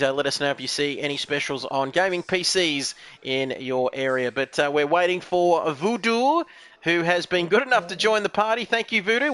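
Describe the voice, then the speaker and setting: A man's voice: fairly high pitch, fairly bright tone, clean tone. A man giving live commentary on a sim race, chatty and jokey, reading out viewer comments as he goes.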